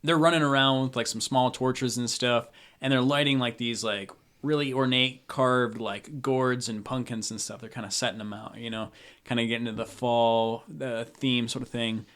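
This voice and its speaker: A man's voice: mid-range voice, steady tone, normal speed, a bit bright. A young man narrating as game master of a tabletop game, talking loosely with many fillers.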